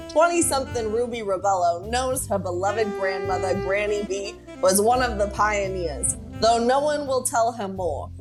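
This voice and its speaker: A woman's voice: medium pitch, natural voice. A woman putting on a hammy transatlantic narrator. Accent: put-on transatlantic accent drifting to New Jersey. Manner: playful, theatrical delivery. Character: hammy mock-noir narrator, woman, playful. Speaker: guest co-host. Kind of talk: reading a book synopsis aloud.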